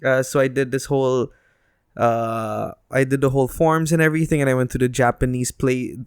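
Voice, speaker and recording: A man's voice: mid-range voice, steady tone, fairly quick, clear, resonant tone, no echo, clean studio sound. A man co-hosting a podcast, telling a story in casual chat with many hesitations. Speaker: podcast co-host.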